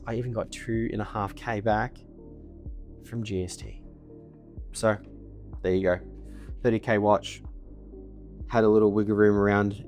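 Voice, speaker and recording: Brash, swearing young man. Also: lowish voice. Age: 20s. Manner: boastful and profane, keeps tagging "okay?". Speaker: email marketing business owner. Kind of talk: brash casual monologue to camera. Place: indoors at his desk in a villa.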